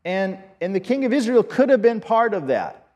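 Pastor guy preaching, kinda high voice, lots of restarts, big reverby church sound. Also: very animated, a little mellow, highs cut off. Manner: earnest, halting, many restarts. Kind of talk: sermon.

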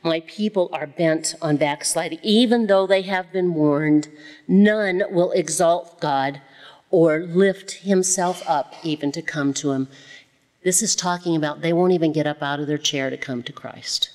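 A woman with a fairly low voice leads a Bible study in a relaxed, conversational tone. She repeats her phrases to drive a point home and slows right down on the lines that matter. Her voice carries a long reverb, like a hall.

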